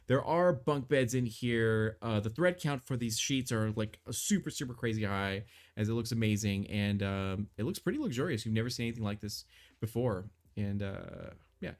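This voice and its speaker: A man runs a tabletop game on a live stream and narrates the scene as game master. He rambles with many fillers, at an ordinary middle pitch.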